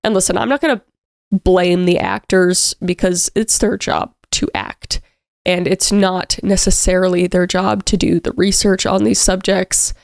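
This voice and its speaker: A woman's voice: on the low side, unhurried, vocal fry, darkish tone, no echo, studio quality. Frustrated woman doing true crime commentary. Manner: frustrated, emphatic, casual with fillers. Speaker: YouTube commentary host.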